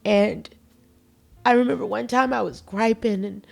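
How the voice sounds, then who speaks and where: A woman's voice: medium pitch, fairly even intonation, unhurried, creaky, faint music behind. A middle-aged woman hosting a motivational podcast, earnest and folksy, talking with emphatic conviction. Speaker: podcast host.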